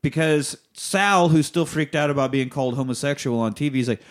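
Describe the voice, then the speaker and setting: A man's voice: fairly high pitch, brisk, few pauses. A man hosting a podcast who recaps a movie in a loose, profane, rambling way. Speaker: podcast host.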